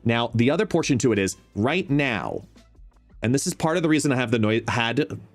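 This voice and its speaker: A man hosts a live stream in casual chat, his voice sitting at an ordinary middle pitch. He talks into a desk microphone at a home gaming setup and explains as he goes, dropping quiet and then getting louder. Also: lively intonation, fairly quick, faint music behind. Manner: chatty, explains while testing his mic, shifts between quiet and loud. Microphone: desk microphone, no headphones.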